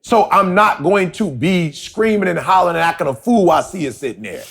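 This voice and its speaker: A man's voice: high voice, animated, brisk, fairly bright tone, breathy edge. A man co-hosting a podcast, telling a story in casual talk and repeating himself as he goes. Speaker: podcast co-host.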